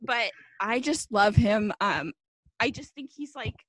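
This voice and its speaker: Young co-host, rambling and teasing, heavy on fillers; dry, close recording. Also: female voice, fairly high pitch, expressive, unhurried, a bit bright, dry recording. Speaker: podcast co-host. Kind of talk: casual chat.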